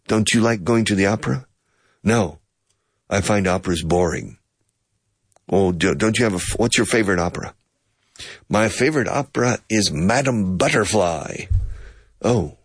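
A male English teacher runs a playful lesson, acting out both sides of a conversation by switching pitch and explaining phrases with bits of Spanish. His voice has a breathy edge, and the studio-quality recording has no room sound.

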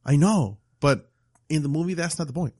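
A man chatting casually about a movie, animated and crude, mixing in Spanish slang. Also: on the high side, normal speed, slightly rough, no room sound, clean studio sound. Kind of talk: casual film chat.

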